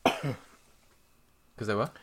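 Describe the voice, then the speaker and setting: A man co-hosting a podcast, telling a story in a sweary, animated way and mocking the people he quotes. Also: extremely slow. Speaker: podcast co-host. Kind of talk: casual chat.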